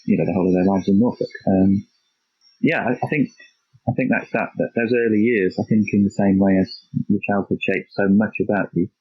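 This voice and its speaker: Brief: 50s man, faint Yorkshire, low, flat, husky, halting reflective guest, dull lo-fi dry recording. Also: dry recording. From Yorkshire, England. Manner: reflective, halting, many restarts and repeated words. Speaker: podcast guest, geography teacher. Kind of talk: casual interview chat.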